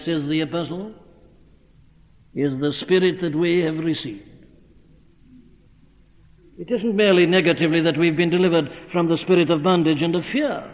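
A man delivers an earnest sermon that builds to fervent cries. His voice sits a little high. The recording is thin and phone-like, with a long hall reverb trailing behind him. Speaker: preacher.

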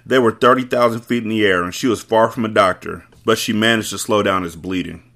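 A low-pitched man reads a novel aloud for a book club podcast, in an audiobook style. He breaks off now and then for wry, joking asides. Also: a little fast, a bit bright. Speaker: host, book reader. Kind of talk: audiobook-style reading with commentary.

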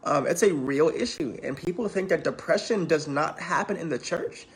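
A man's voice: fairly high pitch, normal speed. A man preaching, reading scripture aloud and talking to the congregation in a conversational way. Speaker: preacher and counselor in training.

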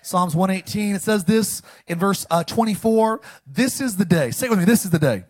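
High-voiced, animated man preaching. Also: normal speed, slightly rough. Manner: call-and-response, animated with sudden loud lines. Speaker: pastor. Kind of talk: sermon.

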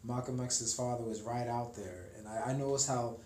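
A laid-back man talking quietly in casual conversation, his voice mid-pitched for a man. He sounds a little off mic. The room around him sounds echoey. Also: steady tone, moderate pace, a crowd in the background. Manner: quiet, laid-back, chimes in with short reactions. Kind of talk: casual chat.

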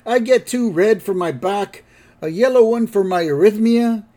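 A man voicing a cranky, indignant old grandfather from a cartoon, in a raised, high old-man voice. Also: wildly swooping pitch, a little slow, mellow, breathy edge, exaggerated voice.

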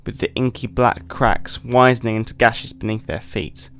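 A man hosting a podcast, giving a measured, deliberate dramatic reading of a short story. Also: mid-range voice, vocal fry, a bit bright, a little hiss or hum. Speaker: podcast host.

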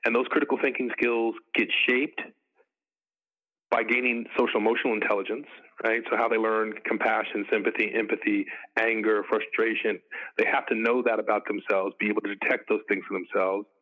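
A middle-aged man talking earnestly in a casual podcast conversation, making his points in measured lists. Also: fairly low pitch, level tone. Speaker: podcast guest. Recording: phone-like tinny line.

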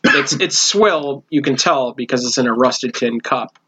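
A man's voice: medium pitch, measured pace, bright, forceful tone, slightly rough. A man narrating a tabletop game as game master, teasing the players as he goes. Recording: dull lo-fi recording with faint noise.

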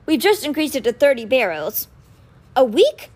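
A woman's voice: high voice, very animated, moderate pace, darkish tone. A woman reading aloud, voicing a cold, ambitious young male official who speaks curtly in a storybook. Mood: probing. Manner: curt, clipped.

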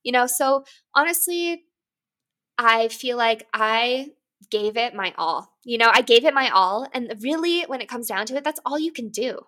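A woman's voice: on the high side, animated, normal speed, pushed and bright. A woman in her twenties, a climber, talking openly in an interview in a candid, thoughtful way, often saying "you know" and "like". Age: 20s. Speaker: guest, competitive climber. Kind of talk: reflective interview talk.

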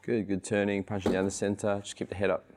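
A man's voice: lowish voice, little pitch movement, quick pace, background noise. A man teaching a martial arts class, patiently coaching technique and repeating cues in rhythm.

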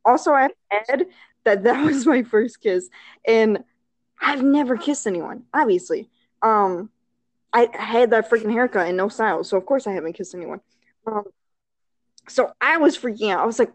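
Chatty woman guest, high-ish voice, dry room sound; rambling anecdote with fillers and laughter. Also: moderate pace, dry recording. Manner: rambling, filler-heavy, laughs often, acts out quotes. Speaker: storyteller on a chat show. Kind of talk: casual storytelling chat.

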